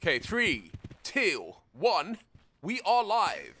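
A young man giving casual, excitable gameplay commentary as a streamer, often yelling and laughing in fright. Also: high voice, slow pace, a little hiss or hum. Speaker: gaming streamer. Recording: loud game music underneath.

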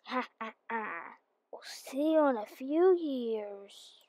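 Casting: a woman doing a smug, teasing inventor, high and slow. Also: lively intonation, darkish tone, dry recording, rough recording. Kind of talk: role-play voicing of a game character.

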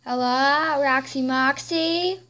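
A woman's voice: high voice, slow pace, pushed and bright. A woman giving playful, chatty gameplay commentary while role-playing as a queen. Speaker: game player.

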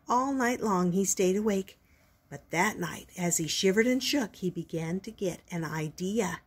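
An older woman reading a picture book aloud as a storytelling grandmother, gentle and expressive. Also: medium pitch, unhurried, slightly rough.

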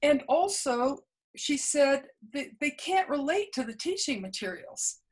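A woman's voice: high-pitched, expressive, a little slow, low-quality recording. A woman guest in an interview, earnestly recounting past experiences and acting out quoted dialogue, with frequent small restarts. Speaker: interview guest, memoir author. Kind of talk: conversational storytelling.

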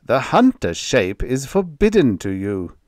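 A man's voice: medium pitch, wildly swooping pitch, unhurried, darkish tone, dry recording, clean studio sound, voice pushed up. A man voicing a stern, dutiful male alien pilot who speaks indignantly and bossily.

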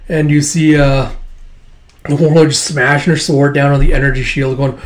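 A man's voice: on the high side, level tone, normal speed. A man casually reading a comic aloud, rambling with many fillers and the odd swear. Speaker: comic book reader and reviewer. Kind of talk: casual read-along of a comic.

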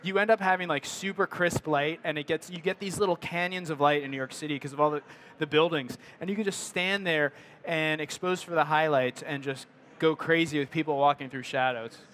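A middle-aged man talks casually to an audience. His voice sits high, and he rambles, with many fillers and restarts as he works through his thoughts. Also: fairly even intonation, a little fast, a bit bright, a little hiss or hum. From United States. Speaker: photographer giving a presentation.

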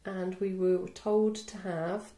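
A woman's voice: fairly low pitch, steady tone, slow pace, warm tone. A woman co-hosting a casual food review podcast, teasing and dry in manner. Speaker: podcast co-host. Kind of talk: casual chat. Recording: roomy echo.

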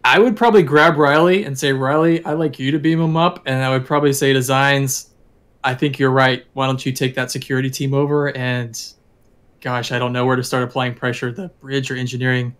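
A man plays a tabletop role-playing game, laying out his character's plans in a calm, casual way. His voice sits at an ordinary middle pitch. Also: brisk, clean tone. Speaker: player.

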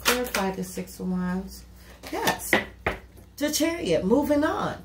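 A woman with a slightly high voice gives a tarot reading straight to camera. She talks bluntly and casually, swears freely and leans on "you know". Her voice rings around a hollow-sounding room over a clear hiss. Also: takes it slowly. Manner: blunt, profane and talkative, with repeated "you know". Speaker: tarot reader. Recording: echoey room with steady noise.

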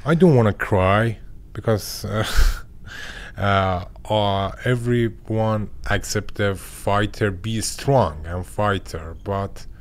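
A young man with a Persian accent, a boxer and a guest in a studio interview, speaking halting English and searching for words. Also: lowish voice. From Iran. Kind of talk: interview conversation. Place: podcast studio.

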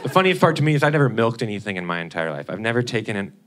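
A man's voice: lowish voice, sing-song, rapid-fire, over a noisy crowd, heavy background noise. A young man from Indiana performing a stand-up set, chatty and tagging his lines with "okay?". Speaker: stand-up comedian. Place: comedy club stage with a laughing audience.

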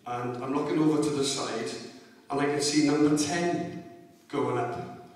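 A man's voice: on the high side, a little slow. A middle-aged man giving an after-dinner speech, swearing freely and laughing at his own stories. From Wales. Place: large hotel function hall. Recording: echoey hall from far off.

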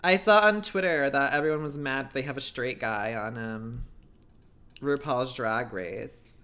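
A man's voice: mid-range voice, measured pace, pushed and bright, smooth. A man livestreaming, chatting casually in a blunt, catty and profane way. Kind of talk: casual chat.

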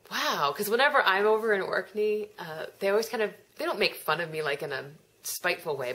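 An American woman with noticeably nasal vowels chats her way through a knitting podcast. Her voice sits on the low side, and she rambles in a friendly, self-deprecating way, losing her thread and finding it again. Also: fairly bright tone, low-quality recording. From United States. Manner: chatty, self-deprecating, trails off and restarts. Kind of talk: casual rambling monologue.

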